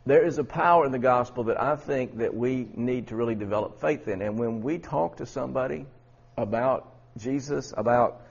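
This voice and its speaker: Man preaching a bible lesson, gravelly husky voice, rhetorical questions, restarts, dull lo-fi recording. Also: medium pitch, normal speed. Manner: conversational teaching with many restarts and rhetorical questions. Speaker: preacher teaching a Bible study. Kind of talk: sermon.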